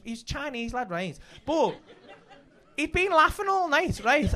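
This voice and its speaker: Lively high-voiced Liverpool comedian. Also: male voice. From Liverpool, England. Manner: swears freely, rapid banter, animated bursts. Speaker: comedian and comedy club host. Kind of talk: casual storytelling chat.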